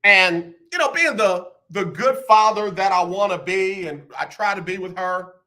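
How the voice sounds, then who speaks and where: A man's voice: sits high, moderate pace, pushed and bright. A man in his fifties hosting a radio talk show, chatting casually and playfully with listeners, often repeating phrases for emphasis. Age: 50s.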